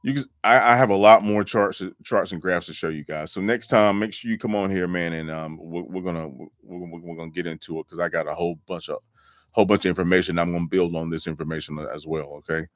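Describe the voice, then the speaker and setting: A man's voice: low-pitched, steady tone, fast talker, no echo, studio quality. A man hosting a casual live stream, talking loosely with lots of fillers and restarts. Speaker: live show host. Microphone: home microphone.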